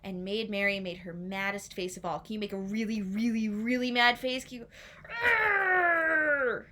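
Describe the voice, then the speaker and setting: A woman telling a story to young children, playful and animated, inviting listeners to join in. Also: mid-range voice, brisk, very noisy.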